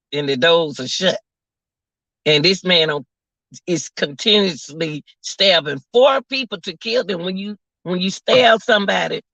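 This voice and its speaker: A man's voice: fairly high pitch, gravelly, bright, forceful tone, no room sound. A man giving casual live commentary to his viewers from work, sounding incredulous and repeating his phrases as he talks to the audience. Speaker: commentary vlogger. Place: at work, away from home. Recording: dull lo-fi audio.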